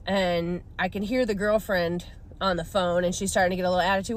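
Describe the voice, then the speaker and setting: A woman's voice: medium pitch, steady tone, fairly quick, slight background noise. A woman in her thirties, a rideshare driver casually telling a story and acting out the people she quotes.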